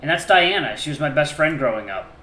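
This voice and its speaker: A man voicing an emotional young man who remembers his lost family, speaking softly and haltingly. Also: a little high, expressive, echoey room, a little hiss or hum, poor audio.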